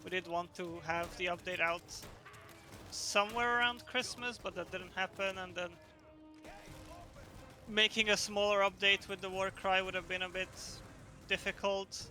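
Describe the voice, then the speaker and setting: Bright-voiced male game developer. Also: high-pitched, normal speed, faint music behind. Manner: relaxed, explanatory, with fillers. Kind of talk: casual livestream chat.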